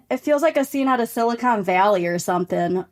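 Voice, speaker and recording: A woman's voice: a little high, brisk. A woman co-hosting a podcast, chatting casually and laughing as she reads a listener's story aloud. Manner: giggly, animated storytelling. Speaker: podcast co-host. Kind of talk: casual chat, reading a listener letter aloud.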